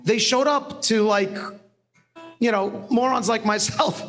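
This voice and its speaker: A man's voice: extremely high pitch, slow, a bit bright. A man speaking at an event, telling a rambling, self-mocking story and laughing often. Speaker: guest speaker. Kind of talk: humorous storytelling talk. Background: faint music.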